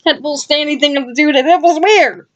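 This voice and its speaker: A woman's voice: high-pitched, fairly quick, dull audio. A woman vlogger chatting casually and with enthusiasm as she flips through her journal, adding asides to her viewers. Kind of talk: casual rambling chat.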